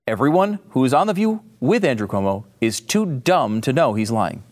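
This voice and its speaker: A man's voice: medium pitch, sing-song, normal speed. Sarcastic ranting male show host. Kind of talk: opinion show commentary.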